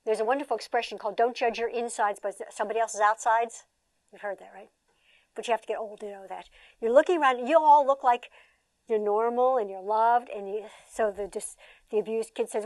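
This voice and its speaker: An older woman leads a training workshop in a fairly high voice, animated and chatty, tossing rhetorical questions to a seated audience. The sound is dry and close, with almost no room echo. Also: fairly quick. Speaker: trainer and former therapist.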